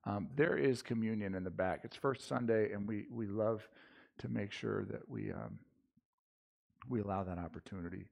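A man's voice: on the low side, moderate pace, gravelly. A man preaching a casual sermon in church, talking loosely with slang and frequent restarts. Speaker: pastor. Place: church sanctuary.

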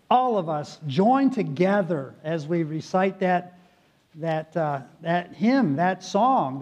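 A man's voice: high-pitched, a little mellow, muffled recording. A man preaching a sermon as pastor, speaking earnestly and appealing directly to his congregation in a church sanctuary.

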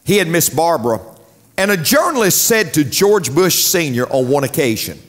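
Male pastor, sermon delivery, lively pitch, reverberant sanctuary. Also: normal speed. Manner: preaching with rising emphatic swells. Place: church sanctuary.

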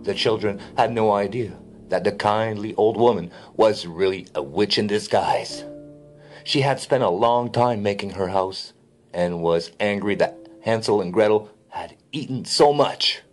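A man reading a classic fairy tale aloud in an expressive storybook narration. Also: on the low side, measured pace, soft background music.

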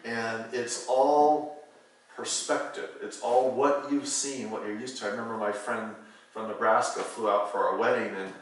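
Rambling pastor preaching in an echoing church. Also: male voice, on the low side, steady tone, moderate pace. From California. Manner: rambling, anecdotal, frequent "you know" fillers. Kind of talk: sermon. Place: church sanctuary. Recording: roomy hall, voice from far off the mic.

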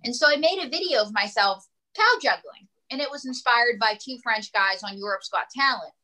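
Bright, animated comedienne. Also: female voice, a little high, brisk, rough recording. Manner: animated, self-promoting, jokey storytelling. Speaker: guest comedian and ventriloquist. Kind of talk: casual talk show chat.

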